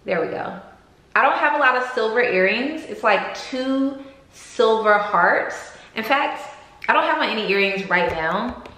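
Gushing over gifts she unboxes for the camera, a young woman vlogger talks casually and peppers her speech with "like" and "y'all." She's unhurried, with a slightly high, sharp-toned voice and lively intonation, recorded in an echoey room with faint noise.

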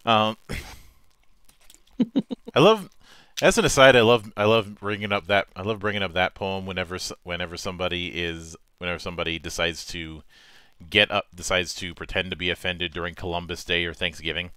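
Bright, crisp-voiced male podcast host. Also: low-pitched, a little fast, no room sound. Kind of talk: casual chat.

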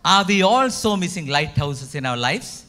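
A man's voice: on the high side, sing-song, normal speed, sharp tone. A man with a Sri Lankan accent giving a retreat talk, emphatic and full of rhetorical questions to his audience. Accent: Sri Lankan English. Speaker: retreat speaker.

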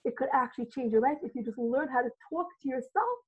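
A high-pitched woman talks eagerly about loving yourself, her voice thin and boxy like it's coming down a phone line. She tells her stories with energy and slips into the voices of the people she quotes. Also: fast, husky. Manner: excited, animated, acts out quoted dialogue. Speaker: self-love coach, guest. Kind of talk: enthusiastic motivational storytelling. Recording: phone-like narrow audio.

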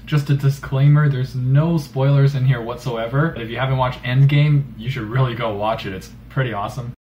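A man's voice: medium pitch, fairly even intonation, a little fast. A young man hosting a fish tank review vlog, talking casually with a playful, teasing, mock-indignant manner. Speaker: channel host reviewing fish tanks. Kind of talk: casual joking commentary. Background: guitar music.

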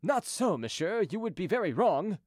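A sharp-tongued envoy in his middle years, quick to anger and dripping with sarcasm, as a man reads him in an audiobook. The voice sits high and swings widely. The sound is close and dry. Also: sing-song, dry recording. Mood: insistent. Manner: exasperated, sardonic. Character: cunning middle-aged male royal envoy, quick-tempered.

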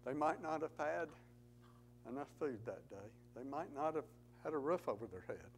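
A man's voice: on the high side, lively intonation, normal speed, slight background noise, rough recording. A man giving an earnest testimony talk in church, telling stories with rising emphasis. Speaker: Gideons speaker at church.

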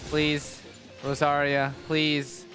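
Male streamer, exasperated and profane, unhurried delivery, faint music bed. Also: fairly high pitch, monotone. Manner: exasperated, swearing, groaning at bad luck. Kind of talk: live gaming stream reaction.

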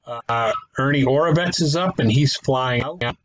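A man's voice: medium pitch, measured pace, a little hiss or hum, rough recording. A man giving casual play-by-play commentary on a simulated baseball game, thinking aloud, correcting himself and adding wry asides. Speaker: gaming channel host.

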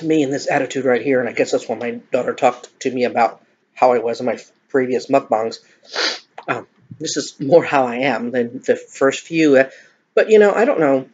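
Husky-voiced woman, lo-fi mukbang vlog. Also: rumbling low, normal speed, darkish tone. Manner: joking, self-deprecating, chatty with viewers. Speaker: mukbang vlogger. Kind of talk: casual vlog while eating. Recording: dull lo-fi home recording.

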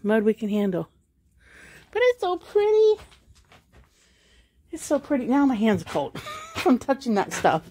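A woman's voice: fairly high pitch, wildly swooping pitch, normal speed, a little mellow, a little hiss or hum. A woman talking casually and rambling to her camera while she walks outdoors around her house, musing aloud as she goes. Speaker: vlogger. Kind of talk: casual walk-and-talk vlog.

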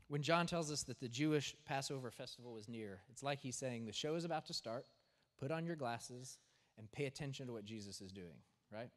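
A man preaching a sermon as pastor, talking in a conversational way and often checking in with "right?". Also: mid-range voice. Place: church sanctuary. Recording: long church reverb.

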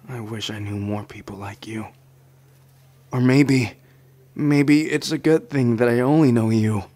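A man voicing a shy, anxious young man in a whispered role-play, speaking softly and hesitantly. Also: mid-range voice, slow pace, long pauses. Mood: tender, insecure. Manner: soft, hesitant, flustered stammering. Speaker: ASMR roleplayer.

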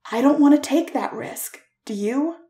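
A woman voicing an earnest, tender young man who pleads and coaxes with emphatic warmth. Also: high-pitched, animated, normal speed, roomy sound, voice pushed up.

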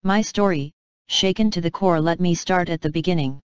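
A woman narrates her own devotional memoir with an earnest, measured delivery. Her voice sits a little low and sounds smooth and clear. The recording is close and dry. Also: dry recording, poor audio.

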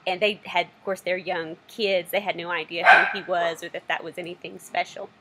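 A woman's voice: lowish voice, level tone, normal speed, very noisy. Chatty woman hosting a podcast. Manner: chatty, friendly, self-deprecating. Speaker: knitting podcast host. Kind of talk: casual video podcast chat.

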